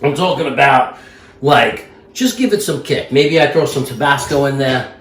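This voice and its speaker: A man's voice: mid-range voice, expressive, normal speed, fairly bright tone, a little hiss or hum. A man chatting casually in a rambling, self-amused way while cooking at home. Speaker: home cook vlogger. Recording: echoey room.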